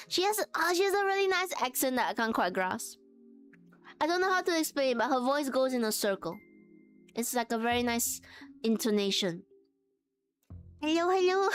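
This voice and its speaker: A woman chatting casually while sewing on a live stream, laughing often and greeting her chat by name. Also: a little high.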